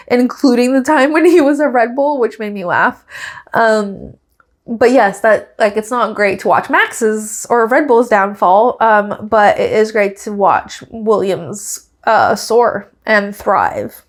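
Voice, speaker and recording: A woman hosting a podcast, talking in a casual, chatty, gossipy way. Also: medium pitch. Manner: chatty and gossipy, many fillers, laughs at her own stories. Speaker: podcast host. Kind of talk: casual chat recapping a race.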